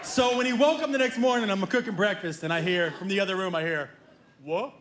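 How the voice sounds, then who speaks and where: A man's voice: high-pitched, quick pace, background noise. A middle-aged man doing stand-up, telling family stories and acting out the people in them. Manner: animated, acts out family members in quoted voices. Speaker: stand-up comedian. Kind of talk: stand-up comedy storytelling. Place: theater stage before a live audience. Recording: roomy live theater sound.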